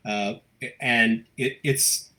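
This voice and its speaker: A man with a fairly low voice hosts a live local news stream from home. He chats casually, reads out viewer comments, and stammers through his thoughts with plenty of ums and restarts. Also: steady tone, pushed and bright. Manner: halting, many fillers and restarts. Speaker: host of a local news livestream.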